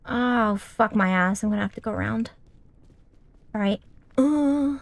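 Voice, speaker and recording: A woman's voice: mid-range voice, unhurried, vocal fry, dry recording. A young woman streamer giving casual gameplay commentary, swearing often and scolding the game character.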